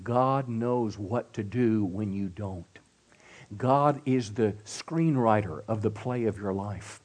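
Middle aged guy preaching, pastor at church, punchy "come on" call-outs, goes quiet for stories. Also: medium pitch. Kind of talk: sermon. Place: church service.

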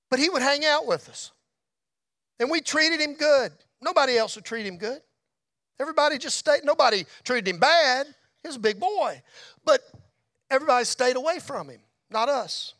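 A middle-aged man telling a testimony story in a church, folksy, dropping to a hush and rising to shouts. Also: very high voice, expressive, normal speed, no room sound, clean studio sound. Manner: folksy storyteller, drops to a hush at tender moments, rises to shouts. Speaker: motorcycle ministry speaker. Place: church hall.

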